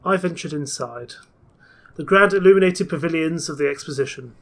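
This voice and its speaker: A man's voice: a little high, brisk. A man playing a story game, reading its text aloud and chatting about his choices. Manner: chatty, mixes reading with plans. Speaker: game player.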